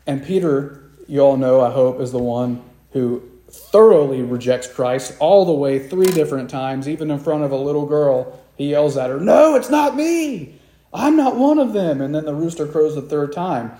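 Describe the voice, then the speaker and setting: A man's voice: mid-range voice, moderate pace, dark tone, echoey room. A man preaching a sermon to a congregation, acting out the quoted disciples with raised, dramatic voices. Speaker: pastor.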